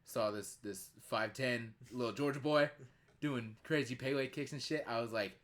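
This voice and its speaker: A man's voice: mid-range voice, normal speed, a bit bright. A young man in his twenties hosting a podcast, telling rambling stories full of fillers. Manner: rambling, filler-heavy storytelling. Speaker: podcast host. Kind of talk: casual podcast chat.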